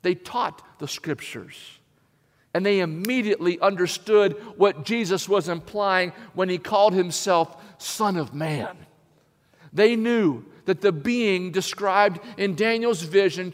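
A man's voice: sits high, takes it slowly. A male pastor preaching a sermon, calling the congregation to say scripture lines aloud with him. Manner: calls the congregation to recite verses aloud. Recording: long hall reverb.

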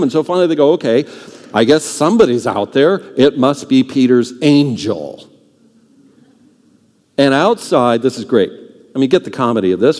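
A middle-aged male pastor telling a story in a sermon, animated, acting out the voices of the people in it. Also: mid-range voice. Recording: long hall reverb.

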